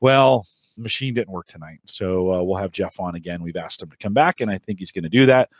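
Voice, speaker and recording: A man's voice: low-pitched, brisk, no room sound, clean studio sound. A man hosting a podcast in casual chat, rambling and friendly with lots of fillers. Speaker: podcast host.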